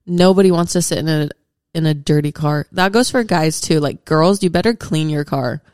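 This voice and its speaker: A young woman co-hosting a podcast, chatting casually and reacting quickly. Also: deep voice, a little mellow, no echo, studio quality. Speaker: podcast co-host. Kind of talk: casual chat.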